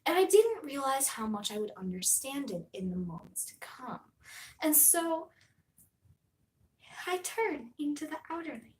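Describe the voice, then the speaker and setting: Animated young woman streamer. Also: fairly high pitch, normal speed, poor audio. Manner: animated storytelling, swings loud and soft. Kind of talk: casual live-stream chat.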